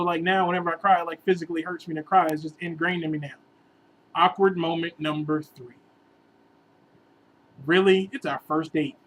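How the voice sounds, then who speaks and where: A man telling a long, rambling relationship story in a casual vlog, animated and sometimes bursting into exasperated outbursts. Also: high-pitched, slight background noise, poor audio. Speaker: vlogger giving relationship advice.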